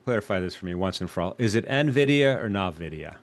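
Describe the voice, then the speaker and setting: Low-voiced man asking questions. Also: fairly even intonation, very fast. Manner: conversational, asks questions. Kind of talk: live market discussion.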